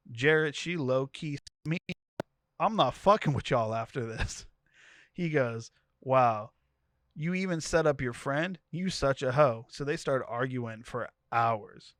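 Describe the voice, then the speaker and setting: A man's voice: medium pitch, a bit bright, dry recording, clean studio sound. A man co-hosting a podcast, reading a profane story thread aloud and quoting each character in turn. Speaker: podcast co-host.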